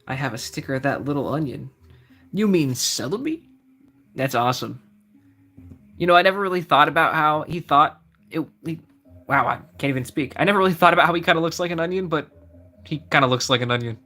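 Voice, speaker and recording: A young man with a slightly high voice chats casually through a live stream, reading out the cards he pulls one by one and replying to viewers. Faint music plays quietly underneath. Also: animated, a little fast, pauses often. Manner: chatty, reads out card names, answers chat. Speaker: streamer opening trading card packs.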